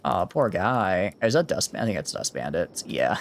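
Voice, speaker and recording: A man with a mild Southern US accent streams a game in a chatty, rambling way, stopping often to correct himself. His voice sits fairly low but swings lively up and down as he talks. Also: moderate pace, creaky, slight background noise. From Southern United States. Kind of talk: casual gameplay commentary.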